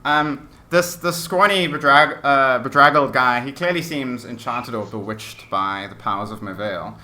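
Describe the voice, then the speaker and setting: Casting note: male game master, bright forceful voice, descriptive, lots of "like" and "uh". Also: medium pitch, moderate pace. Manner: descriptive, hesitant with many fillers. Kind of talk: narrating a tabletop game.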